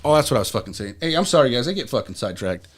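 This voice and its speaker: A man's voice: mid-range voice, sing-song, racing. A young adult man, a podcast guest, telling rambling, profane stories in casual talk. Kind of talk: casual storytelling.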